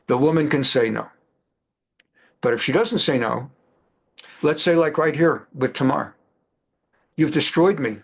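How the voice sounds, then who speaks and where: A middle-aged male rabbi giving a Bible class in a conversational way, repeating phrases and glossing Hebrew words in English. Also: on the high side.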